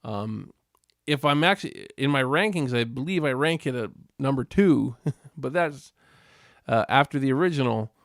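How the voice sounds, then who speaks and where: A man from Western Canada hosts a casual live stream, rambling and chatty as he answers viewers in the chat and laughing often. His medium-pitched voice has lively intonation at normal speed, in clean studio sound with no echo.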